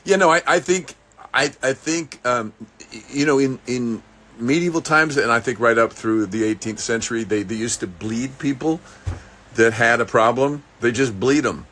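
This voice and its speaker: Bright-voiced man, rambling and halting. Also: medium pitch. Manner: halting and rambling, many restarts; dry, darkly joking. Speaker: actor recording a personal video message. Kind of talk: casual off-the-cuff video message.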